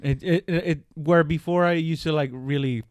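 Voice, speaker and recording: A young man rambles through casual podcast chat, swearing freely and poking fun at himself. His voice sits a little high for a man, and it is recorded close and dry with no room sound. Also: fairly even intonation, normal speed, a little mellow, no room sound. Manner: profane, rambling, self-mocking. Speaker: comedy podcast co-host.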